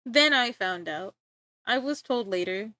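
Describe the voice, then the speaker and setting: A woman's voice: on the high side, expressive, a little slow, bright, forceful tone, dry recording. A young woman streaming live, rambling and joking in casual chat with frequent laughter.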